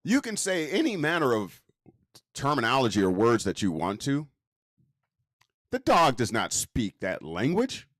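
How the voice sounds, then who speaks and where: A man teaches in a relaxed, conversational way and keeps checking in with the listener through rhetorical questions. His delivery is slow and drawn out, and his voice rises and falls widely across a slightly higher register. The recording is dry and close. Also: no room sound. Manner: slow, drawn-out delivery with wide pitch swings. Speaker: lecturer. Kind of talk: casual teaching talk.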